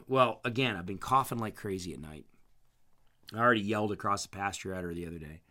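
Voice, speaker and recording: A man telling a rambling story in a casual chat, his voice strained after hurting his vocal cords, clearing his throat often. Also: on the low side, a little fast, sharp tone.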